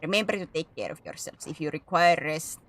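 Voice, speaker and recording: A woman's voice: deep voice, very animated, a little fast. A woman streaming a game, chatting casually with her viewers, giggly and self-mocking. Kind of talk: casual chat while playing.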